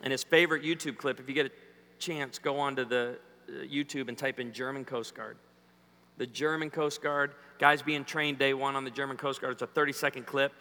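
A man's voice: mid-range voice, brisk. A man preaching a humorous sermon in a church, joking and quizzing the audience. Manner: lively, jokey, quizzes the audience. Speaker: guest preacher. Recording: echoey hall.

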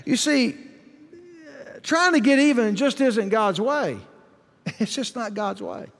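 A male pastor preaching a sermon, swinging from soft asides to shouted emphasis. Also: extremely high pitch, takes it slowly. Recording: long hall reverb.

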